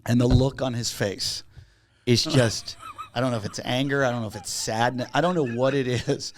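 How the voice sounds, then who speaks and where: A man's voice: medium pitch, normal speed, slight background noise. A comedian telling a road story in a podcast, acting out the other people and laughing as he goes. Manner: acts out quotes, laughs while telling. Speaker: guest comedian. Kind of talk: animated storytelling.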